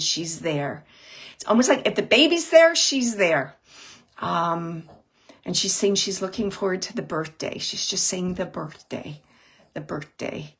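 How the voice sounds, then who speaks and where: A woman working as a psychic medium, giving a live reading in a soft, hesitant way, with many pauses, and repeating words as she relays messages. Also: on the low side, husky. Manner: repeats words and phrases for emphasis. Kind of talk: live spirit reading for an audience member.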